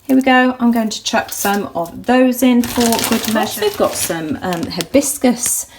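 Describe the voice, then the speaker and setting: A woman narrating a craft project in her home kitchen, chatty and full of ums, gushing with excitement as she works. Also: fairly high pitch, a little slow, background noise. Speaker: crafts vlogger. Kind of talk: casual how-to narration.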